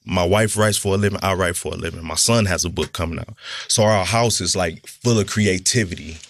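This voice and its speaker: A man's voice: low voice, fairly quick, no room sound. A middle-aged man, a guest author, telling stories in a laid-back, slangy way during casual podcast chat.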